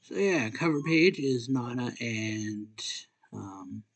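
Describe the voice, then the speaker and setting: A man's voice: medium pitch, animated, takes it slowly. Casual young man reading a comic aloud. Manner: casual, with fillers and self-corrections. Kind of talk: live-stream reading and reaction.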